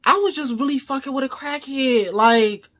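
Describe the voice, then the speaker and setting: Bright-voiced man telling a profane story. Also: extremely high pitch, moderate pace. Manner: profane, animated retelling, acts out his own quoted lines. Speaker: vlogger. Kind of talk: casual storytime monologue.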